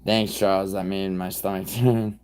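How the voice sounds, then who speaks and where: Deep-voiced man ranting on a livestream. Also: little pitch movement, normal speed, clear, resonant tone. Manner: profane, rambling, with sudden loud outbursts. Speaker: livestream host. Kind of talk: casual live-stream chat reacting to viewers.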